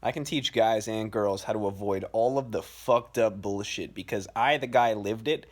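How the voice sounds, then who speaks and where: A young man telling a personal story in a casual, blunt and profane way, as host of his own show. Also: lowish voice. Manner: profane, blunt, fast-talking. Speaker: podcast host.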